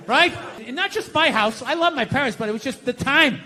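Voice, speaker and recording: Brief: American male stand-up comic, high lively voice, profane sarcastic rants, live hall with a roaring crowd. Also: quick pace, hardly any pauses, heavy background noise. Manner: ranting, profane, sarcastic, bursts into shouts. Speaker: stand-up comedian. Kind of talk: stand-up comedy set. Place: live comedy venue stage. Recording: echoey hall with loud crowd laughter. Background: audience laughter.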